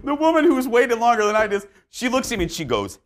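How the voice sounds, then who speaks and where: A man's voice: extremely high pitch, huge pitch swings, quick pace. A man hosting a talk show, telling a story in casual chat and acting out the dialogue.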